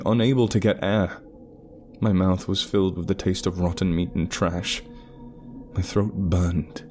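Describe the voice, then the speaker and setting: Deep-voiced man narrating horror. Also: a little mellow. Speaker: storyteller.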